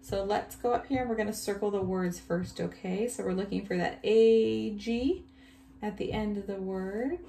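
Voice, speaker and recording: A woman teacher giving a recorded reading lesson to young children, reading each line slowly and praising often. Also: medium pitch, creaky, dark tone, soft background music. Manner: slow, exaggerated reading aloud with cheerful praise. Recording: echoey room, faint background hum.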